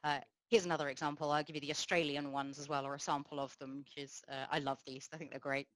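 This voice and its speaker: Low-voiced woman giving a tech talk. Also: little pitch movement, a bit bright, no room sound, low-quality recording. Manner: explanatory, measured, frequent fillers. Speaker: conference speaker. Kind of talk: technical conference talk.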